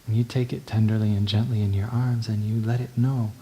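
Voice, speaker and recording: Male meditation teacher, dharma talk, warm mellow tone, lowish voice, gentle and unhurried. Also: little pitch movement, slight background noise. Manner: gentle, unhurried, checks in with "right?".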